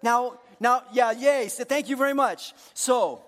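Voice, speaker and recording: A man preaching a sermon to his congregation, joking with them and moving between hushed earnest moments and loud, playful ones. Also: very high-pitched, unhurried, big-room sound. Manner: jokey, talks directly to the congregation. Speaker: pastor. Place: church hall.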